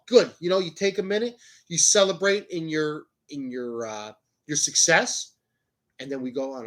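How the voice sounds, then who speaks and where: A man hosting a motivational podcast, talking to the camera in a loud, high-energy, jokey way with plenty of swearing. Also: moderate pace. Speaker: podcast host. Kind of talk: motivational casual talk.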